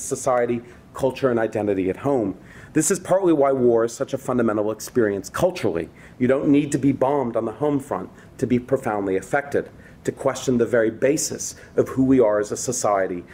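A man's voice: medium pitch, a little mellow. Man giving an academic lecture. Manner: reads prepared text with conversational asides to the audience. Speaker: university lecturer. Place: university lecture room.

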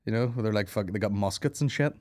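A man's voice: on the low side, quick pace, darkish tone, a little hiss or hum. A man hosting a comedy podcast, rambling through crude, swearing banter with jokes and asides.

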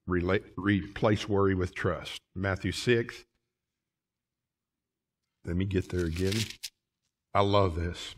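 Folksy pastor preaching. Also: male voice, deep voice, breathy edge. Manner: preaching with rising fervor, folksy asides. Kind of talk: sermon. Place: church sanctuary.

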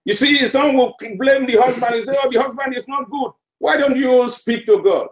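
Preacher, male, very high voice, slow deliberate sermon delivery, roomy muffled recording. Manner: emphatic, repeats phrases for effect.

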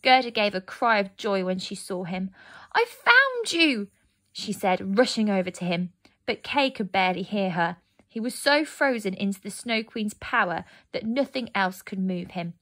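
A woman narrating a fairy tale aloud, gentle and expressive. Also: mid-range voice, normal speed. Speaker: storyteller. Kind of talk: storybook narration.

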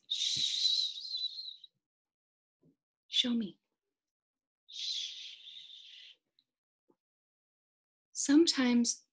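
A young woman in her twenties leads a read-aloud lesson for small children. She talks slowly and gently in a slightly high voice. She keeps coaxing the kids to join in. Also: breathy edge. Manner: slow, gentle, encouraging, speaks to young children. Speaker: speech-language pathology student teacher.

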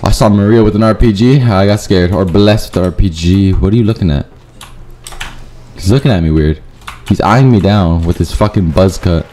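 A man giving profane live commentary over his own gameplay, muttering low and then yelping up high when things go wrong. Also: moderate pace, mellow, slight background noise. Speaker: gaming YouTuber.

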